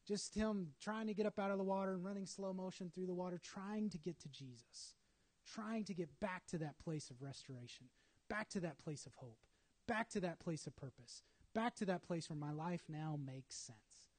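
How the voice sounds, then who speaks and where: A man's voice: sits high, moderate pace, a little mellow. A man preaching a sermon, telling a story dramatically with acted asides.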